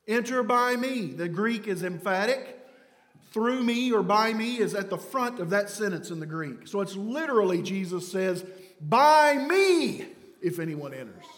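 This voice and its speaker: A man preaching a sermon, swinging from loud emphatic phrases to hushed low words. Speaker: pastor. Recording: long hall reverb.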